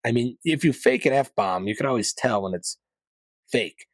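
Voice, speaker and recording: A man's voice: medium pitch, expressive, normal speed, no echo. A man hosting a podcast, chatting loosely through current events with rambling, opinionated asides and casual slang. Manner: mild profanity, casual slang. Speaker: podcast host. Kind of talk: casual news commentary podcast.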